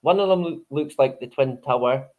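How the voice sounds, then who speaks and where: Man, live-stream host, casual chat, rambling, swears a lot, chuckles, medium pitch. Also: moderate pace, narrow, tinny audio.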